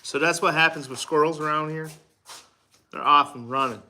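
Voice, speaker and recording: A man's voice: fairly high pitch, fairly even intonation, moderate pace, bright, forceful tone, slight background noise. A man co-hosting a casual livestream, reading viewer comments and talking in hesitant, stumbling restarts. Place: home craft room.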